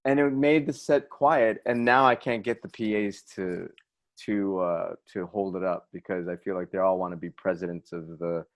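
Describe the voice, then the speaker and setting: A middle-aged man, an assistant director, reminiscing in relaxed podcast conversation with an easy laugh. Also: deep voice, normal speed. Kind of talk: casual conversation.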